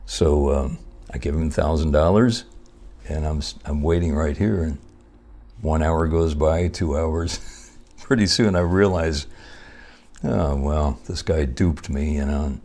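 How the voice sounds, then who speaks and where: Low, husky-voiced man telling jokes. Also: a little slow, darkish tone. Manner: laughs at his own punchlines.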